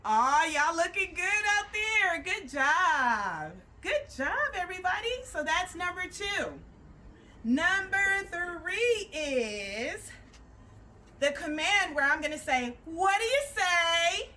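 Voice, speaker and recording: A woman program manager leading children through a call-and-response movement game, cheering them on and shouting out commands with drawn-out calls. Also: very high voice, very animated. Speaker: youth play program manager.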